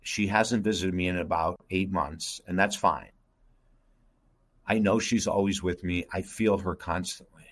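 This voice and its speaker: Earnest low-voiced man telling a story. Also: steady tone, a little slow, fairly bright tone. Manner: earnest, intense, addresses host by name. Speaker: guest, life coach. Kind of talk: emotional personal storytelling.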